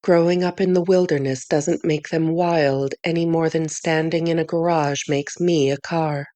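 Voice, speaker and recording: A woman narrating a first-person novel in an audiobook, with measured, clear storytelling on a close studio mic. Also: low-pitched, fairly even intonation, mellow, dry recording.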